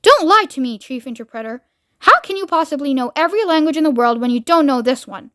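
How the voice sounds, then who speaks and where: A woman's voice: sits high, expressive, fast talker, a bit bright, no room sound, clean studio sound. A woman doing a whiny, frightened president. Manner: pleading, squealing.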